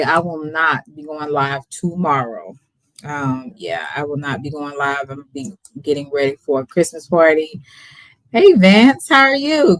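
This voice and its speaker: A woman's voice: low-pitched, no echo. Tipsy Texan woman chatting on a live stream. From Texas. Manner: laid-back, laughs often, greets viewers by name. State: a little tipsy. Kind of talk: casual live stream chat.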